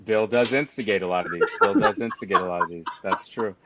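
A man telling a long story on a call in an animated, ranting way, jumping high when he quotes himself. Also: fast talker, muffled recording, very noisy.

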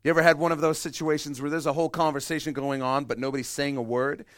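Speaking fast in a slightly high, level tone, a middle-aged pastor delivers a sermon on a dry recording. His storytelling is self-deprecating, alternating between loud emphasis and quiet, hushed moments.

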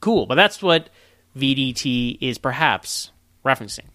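A chatty man riffing on film trivia with an easy laugh. His voice is bright and forward, sitting at a middle pitch, and it sounds dry and close with almost no room around it. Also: unhurried, no room sound. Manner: chatty, animated, laughs often. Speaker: podcast co-host sharing film trivia. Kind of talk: casual chat.

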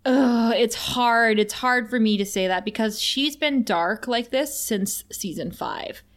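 A woman co-hosts a podcast and recaps a TV episode in loose, casual chat. She is animated, laughs often and slips into quoted lines as she retells scenes. Her voice sits at an ordinary middle pitch. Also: unhurried. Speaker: podcast co-host.

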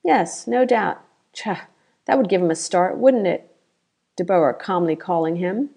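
A woman voicing a half-drunk male bandit chief who is boastful and crafty, talking loud and demanding. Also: on the low side, expressive, a little slow, gravelly, full character voice. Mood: jovial.

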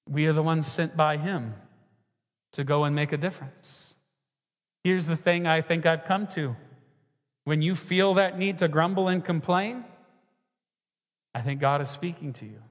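High-pitched guy preaching, lots of questions to the crowd, echoey church hall. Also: fairly bright tone. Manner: emphatic preaching, rhetorical questions to the congregation. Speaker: pastor. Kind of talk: sermon. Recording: long reverb of a large hall.

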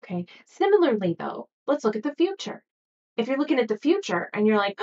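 A woman hosting a motivational podcast, talking gently and coaching her listeners, sometimes acting out anxious inner voices. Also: fairly high pitch, big pitch swings, fairly quick, distant mic, lo-fi sound. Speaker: podcast host. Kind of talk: motivational solo podcast talk.

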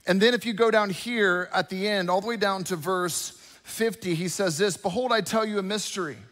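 A fairly high-pitched man preaches in a big church hall, and his voice rings out with a long echo. He drifts from scripture into conversational asides and animated storytelling, checking in with the congregation as he goes. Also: normal speed. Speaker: pastor. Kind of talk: sermon.

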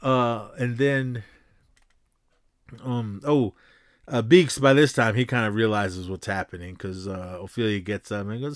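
A man's voice: fairly low pitch, fairly even intonation, no room sound, studio quality. Rambling man recapping a movie. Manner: rambling, halting, many fillers and restarts; chuckles while retelling. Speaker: podcast host.

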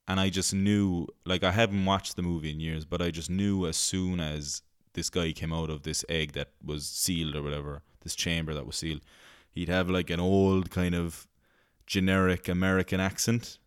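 A man's voice: low voice, flat delivery, moderate pace, clean tone, no room sound, studio quality. A male podcast host rambling in casual chat, laughing easily and swearing freely.

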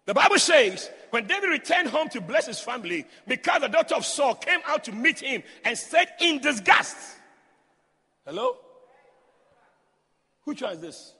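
A man preaching loudly in church, fervent and calling out to the congregation. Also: very high-pitched, big pitch swings, moderate pace, few pauses. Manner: loud, fervent, call-and-response. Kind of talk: shouted sermon. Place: church hall. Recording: long hall reverb.

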